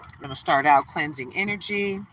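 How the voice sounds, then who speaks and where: A woman's voice: low-pitched, brisk, very noisy. A woman from Detroit, Michigan hosting a live tarot stream, chatting bubbly and greeting viewers by name. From Detroit, Michigan, USA. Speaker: livestream tarot reader. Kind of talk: casual livestream chat.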